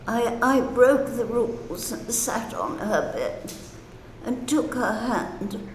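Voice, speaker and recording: An elderly woman, a retired wartime nurse, gently telling personal stories with fillers and soft laughs. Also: on the high side, expressive, slow pace, slight background noise. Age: older. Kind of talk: personal storytelling. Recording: roomy echo with faint ambience.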